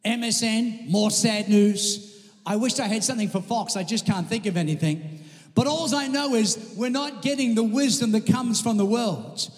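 A man's voice: high-pitched, normal speed. A man from Australia, preaching a sermon emphatically to a congregation and calling out for amens. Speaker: pastor. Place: church sanctuary. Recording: long reverb of a large hall.

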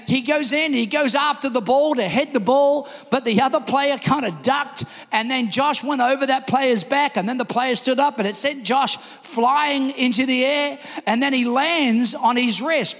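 Man, pastor, sermon, very high voice, long church reverb. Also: moderate pace, hardly any pauses. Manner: energetic storytelling, shouted quotes.

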